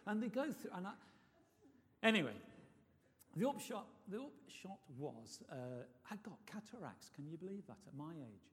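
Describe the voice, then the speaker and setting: A man preaching a sermon, telling a personal story in a chatty way with many restarts. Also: fairly high pitch. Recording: long reverb of a hall.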